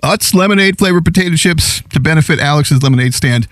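A man's voice: fast, no room sound, clean studio sound. A man hosting a show, talking casually to listeners and laughing often while eating chips. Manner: chatty, laughs often, lively pitch swings. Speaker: show host.

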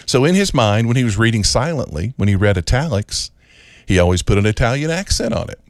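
A man's voice: mid-range voice, very animated, a little fast, no room sound, clean studio sound. A man hosting a radio show, telling a folksy story with chuckles and small restarts. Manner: folksy, chuckling, repeats words. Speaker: radio host.

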